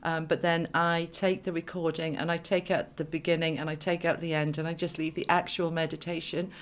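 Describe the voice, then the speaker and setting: A woman with a fairly low voice hosts a live stream. She chats with her viewers and laughs easily, then slows down and softens as she guides them through a meditation. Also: little pitch movement. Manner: chatty and laughing, then slow and soft for the meditation.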